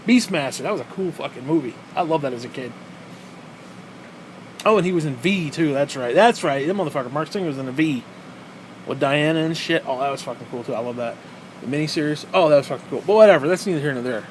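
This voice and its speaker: A man's voice: fairly high pitch, lively intonation, quick pace, a little hiss or hum. A man hosting a podcast alone, ranting with heavy profanity and mocking rhetorical questions, exasperated and sarcastic. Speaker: podcast host. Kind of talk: solo ranting podcast monologue.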